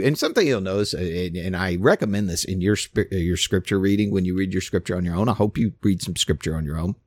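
A man preaching an informal sermon, emphatic and animated, with frequent restarts. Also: on the low side, dry recording. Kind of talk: casual sermon.

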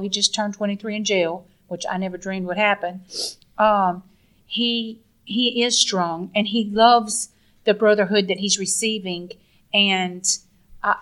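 An earnest woman speaking in a middle-pitched voice. She talks with deep feeling, stumbling and restarting now and then. The delivery is heartfelt and unpolished. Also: a bit bright. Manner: earnest, emotional, halting with restarts. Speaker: guest, mother of the subject. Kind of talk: emotional phone-in interview.

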